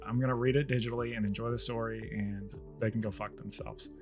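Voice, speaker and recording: A man's voice: mid-range voice, fairly even intonation, fast, faint music behind. A man co-hosting a podcast, rambling through a casual rant and sounding tired as he loses his voice. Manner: ranting, rambling, with restarts. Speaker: podcast co-host.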